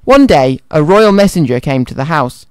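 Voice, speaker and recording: Male children's radio presenter, reading a storybook, cheerful, smooth clear voice, dry studio mic. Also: on the high side, sing-song, moderate pace, darkish tone, dry recording. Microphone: studio microphone.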